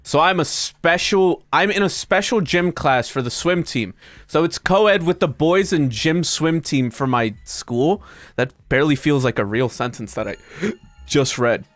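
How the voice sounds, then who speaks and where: A male streamer reading an internet story aloud to his chat, breaking off into high, disbelieving comments. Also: measured pace, no room sound. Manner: animated, breaks into high-pitched disbelieving asides.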